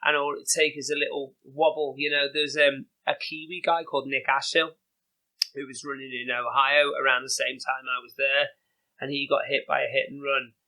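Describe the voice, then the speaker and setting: A man with a Liverpool Scouse accent, a podcast guest telling animated, chatty stories with lots of "you know" and "like". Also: medium pitch, normal speed, poor audio. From England. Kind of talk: casual anecdotal storytelling.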